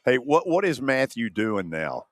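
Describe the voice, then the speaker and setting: An older man with a Southern accent hosting a sports talk radio show, telling folksy stories with animated quotes. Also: mid-range voice, measured pace, dry recording, clean studio sound. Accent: Southern American. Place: studio at an ice center venue. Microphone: studio microphone.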